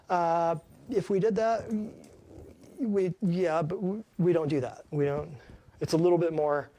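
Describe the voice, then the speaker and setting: A man's voice: on the high side, fairly quick, dark tone. A man who works as a chiropractor, giving a folksy, emphatic health talk to a small live audience and keeps asking them questions.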